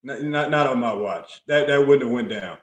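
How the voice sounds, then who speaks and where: A man in his forties, a guest in a casual interview, who speaks calmly and repeats key phrases to stress them. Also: mid-range voice, normal speed. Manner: calm, loyal, repeats phrases for emphasis. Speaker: guest, former NBA player. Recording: roomy echo.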